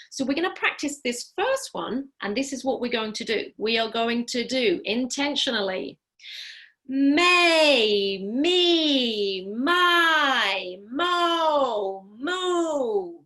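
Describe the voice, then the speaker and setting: A woman speech therapist coaching a group through voice drills over a video call. Her voice is bright and forceful and sits a little high. She speaks clearly and deliberately, upbeat and encouraging as she guides everyone along. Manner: clear, deliberate, instructive delivery. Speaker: speech-language pathologist. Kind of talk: online class leading voice exercises. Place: home, during a live online program.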